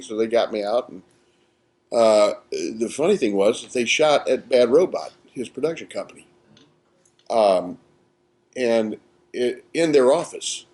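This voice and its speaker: A man, an actor guest, telling set stories with animated delivery and acting out quotes, recorded at a live podcast in a small theatre. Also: mid-range voice, a little slow, pauses often. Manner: animated, acts out quotes with laughter. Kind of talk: casual anecdotal storytelling.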